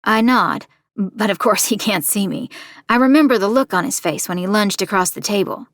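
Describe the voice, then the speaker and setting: A woman plays a wary, determined young podcaster who tells her story in a measured, confiding voice. Her pitch sits in the middle range for a woman. The sound is close and dry, with no room around it. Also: a bit bright, no room sound, natural voice. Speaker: narrator. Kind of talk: first-person audio drama narration.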